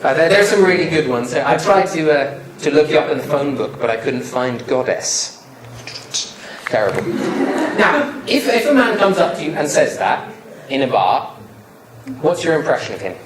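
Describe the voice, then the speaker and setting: A man's voice: a little high, very animated, moderate pace. A man giving a live public speaking presentation, joking and questioning the audience in a lecture room. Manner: playful, joking, quizzes the audience. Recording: roomy hall sound, faint noise.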